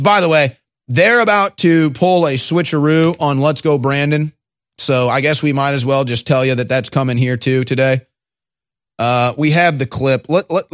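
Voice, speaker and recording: A man's voice: medium pitch, no echo, clean studio sound. A man hosting a political talk show, sarcastic and scornful, often stammering into restarts. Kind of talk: casual political commentary.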